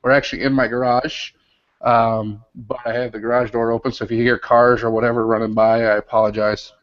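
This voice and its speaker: A man's voice: mid-range voice, flat delivery, fairly quick. A man hosting a casual livestream from his garage, talking in a loose, rambling way with lots of ums and uhs. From Illinois. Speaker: host. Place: home garage with door open. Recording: dull lo-fi webcast mic.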